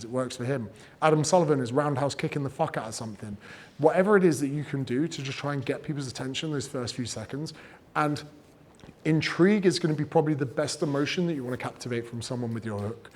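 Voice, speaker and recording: A man giving casual, energetic advice on growing an audience, swearing freely and acting out what people say. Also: mid-range voice. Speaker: fitness and business coach giving creator advice. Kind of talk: casual talk, teaching.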